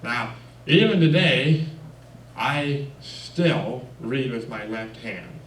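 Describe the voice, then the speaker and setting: A man telling lively personal anecdotes at a church, with chuckles and fillers. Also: medium pitch, very slow, a little hiss or hum. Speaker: guest speaker. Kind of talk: personal storytelling talk. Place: church hall. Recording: echoey room, mic far off.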